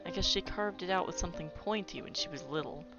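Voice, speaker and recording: A woman with a fairly low voice plays a video game, reading its text aloud quickly and drifting into playful, chatty asides. The recording sounds dull, with game music underneath.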